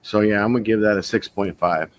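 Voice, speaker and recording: A man's voice: fairly low pitch, quick pace. A man chatting casually as a podcast co-host, blunt and laid-back, swearing freely. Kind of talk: casual chat.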